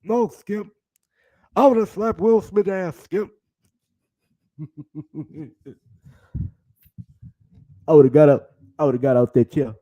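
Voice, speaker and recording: A man's voice: fairly high pitch, steady tone, slow, long pauses, mellow, highs cut off. A man voicing a brash male sports pundit in a mock South African accent, playfully repeating a catchphrase. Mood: mock bravado.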